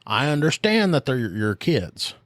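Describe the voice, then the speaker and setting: A man's voice: mid-range voice, a little slow, dry recording, clean studio sound. Man animatedly retelling a work call. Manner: animated storyteller acting out both sides of a phone call. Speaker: podcast co-host. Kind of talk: casual storytelling chat.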